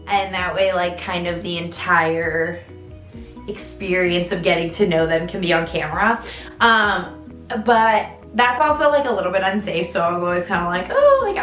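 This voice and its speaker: A woman's voice: medium pitch, a bit bright. A young woman vlogging casually, chatty and full of fillers, with dramatic swings in her storytelling. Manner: chatty, many fillers, dramatic ups and downs. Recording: roomy sound with faint music.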